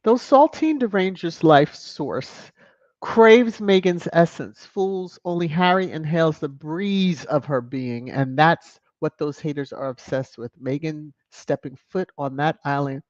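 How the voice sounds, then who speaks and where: A woman's voice: low-pitched, a little slow, a little mellow, no echo. A woman hosting a live stream, chatting casually as she reads and thanks viewers for their donations. She is effusive and laughs often. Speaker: channel host. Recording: dull, dry lo-fi sound.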